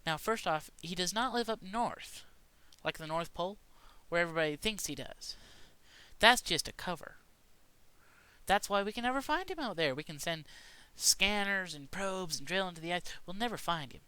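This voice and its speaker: A man's voice: high-pitched, animated, normal speed, pushed and bright, smooth. A man rambling through a mock-serious conspiracy rant in a casual monologue, stumbling and restarting often. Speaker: vlogger.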